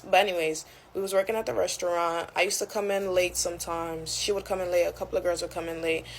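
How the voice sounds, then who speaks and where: A woman's voice: lowish voice, fairly even intonation, fast talker, a little hiss or hum, poor audio. A young woman telling a casual storytime, chatty and full of fillers like "like" and "you know".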